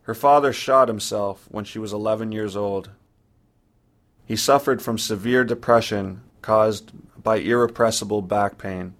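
Slow, low-voiced man reading a sombre story. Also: fairly even intonation, a bit bright. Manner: measured, sombre present-tense narration. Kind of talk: first-person story reading.

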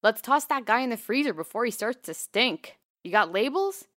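A woman reading the lines of a brisk, blunt male veterinarian in an offhand, breezy way. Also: fairly high pitch, lively intonation, fairly bright tone, dry recording, clean studio sound, pitched above the performer's own voice.

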